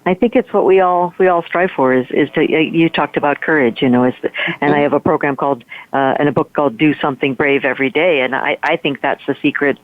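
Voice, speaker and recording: A woman guest and author telling a personal story in an animated way, with many restarts. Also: low-pitched, quick pace, no echo. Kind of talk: storytelling in a conversation. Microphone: phone line. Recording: tinny phone line.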